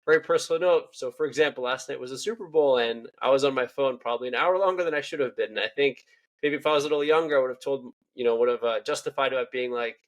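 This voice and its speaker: Quick, rambling young male podcast host, mid-pitched. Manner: chatty, rambling, lots of "you know". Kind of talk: casual interview talk.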